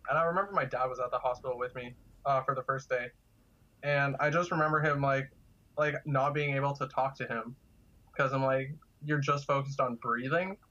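A man's voice: mid-range voice, fairly even intonation, a little fast, sharp tone, muffled recording. A man telling casual stories as a guest, chatty and laughing through his anecdotes. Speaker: guest, kidney donor. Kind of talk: casual storytelling.

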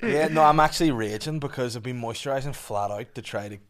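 A man's voice: medium pitch, fast, a bit bright. A man, a podcast guest chatting in a laid-back, dry way. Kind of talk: casual podcast chat.

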